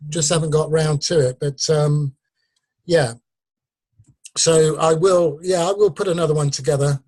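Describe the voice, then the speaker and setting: An English man talks casually on a video call, joking and teasing his colleagues. His voice sits a little high with a husky edge. The sound is close and dry. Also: fairly even intonation, a little slow, a little mellow, no echo. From England. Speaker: meeting participant. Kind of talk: casual group call chat.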